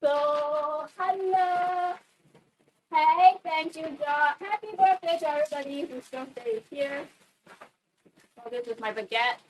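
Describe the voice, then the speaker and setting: A woman's voice: high-pitched, measured pace. A woman streaming while she bakes in her kitchen, chatting casually and rambling, with plenty of swearing. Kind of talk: casual livestream chat while baking. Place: home kitchen. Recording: distant mic with faint background noise.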